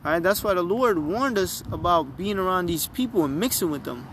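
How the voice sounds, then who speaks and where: A man's voice: high-pitched, animated, fairly quick, a bit bright, slight background noise. A man reading scripture and preaching with emphasis, often checking in with his listeners. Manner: emphatic, repeatedly asks "all right?". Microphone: phone.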